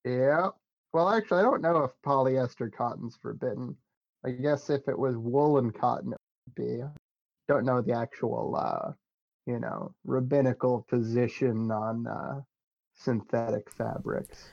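A man talks his way through a tabletop role-playing game, wandering and hesitant with a dry sense of humor. His voice has a gravelly, fry-laden edge. The recording is dull and lo-fi, with a dead, dry sound. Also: medium pitch, a little slow, a little mellow, no echo. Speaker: player. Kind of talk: in-character tabletop role-play chat.

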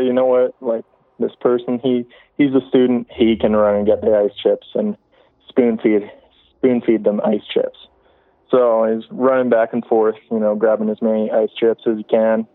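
A man's voice: mid-range voice, level tone, measured pace, no room sound. A man calling in to a show to tell a spooky story in a casual, rambling way, full of fillers and restarts. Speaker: caller. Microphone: phone. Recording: tinny phone line.

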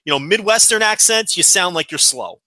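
A man's voice: sits high, lively intonation, a little fast, bright, forceful tone, no room sound. A man with a Northeastern US accent, co-hosting a podcast in casual, blunt, opinionated chat. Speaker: podcast co-host.

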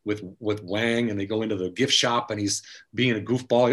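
Husky-voiced laid-back male host. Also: on the low side, moderate pace. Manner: relaxed, swears casually, does voices in anecdotes. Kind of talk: casual chat.

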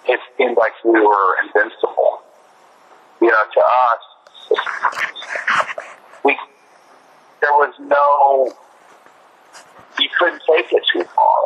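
A rock musician answering interview questions in a halting, reflective way, restarting often. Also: male voice, lowish voice, dull audio, a little hiss or hum.

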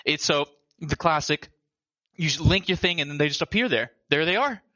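A man chatting casually about a video game, animated and swearing now and then. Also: on the high side, normal speed, no echo, muffled recording. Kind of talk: casual gaming chat.

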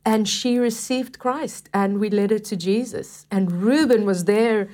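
A woman telling a personal faith testimony in a casual conversation, animated and self-deprecating, laughing often. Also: mid-range voice, a little slow. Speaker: Christian talk-show participant.

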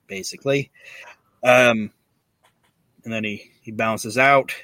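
Bright-voiced profane podcast host. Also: male voice, lowish voice, level tone, moderate pace, long pauses, no echo. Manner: profane, filler-heavy retelling. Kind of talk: casual recap chat.

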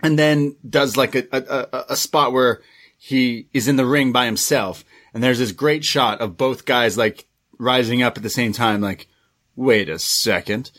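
A man's voice: medium pitch, moderate pace. Rambling man recapping in casual chat. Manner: relaxed, rambling play-by-play with fillers. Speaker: podcast co-host.

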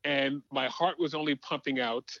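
A man's voice: mid-range voice, steady tone, moderate pace, gravelly, pushed and bright, dry recording, highs cut off. A man telling a rambling story in a casual radio chat, with many restarts. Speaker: show regular.

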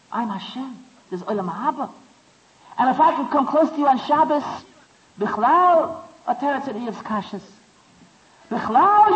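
Man, Torah talk, high voice, stammered restarts, dull lo-fi recording. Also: a bit bright. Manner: rising to impassioned pitch, stammering restarts. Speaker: speaker.

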